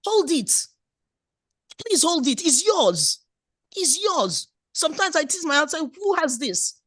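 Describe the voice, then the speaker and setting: A woman's voice: high voice, big pitch swings, unhurried, a bit bright, no room sound, clean studio sound. A middle-aged woman, preaching a sermon in a playful, exhorting way. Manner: playful, exhorting preacher who acts out little scenes. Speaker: pastor.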